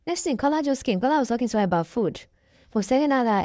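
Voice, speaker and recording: A woman's voice: on the high side, animated, quick pace, dark tone, no room sound, clean studio sound. Chatty Nigerian woman with a cold. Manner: chatty, gossipy, emphatic. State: stuffy nose from a cold. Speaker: reaction vlogger. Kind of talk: casual reality-show commentary.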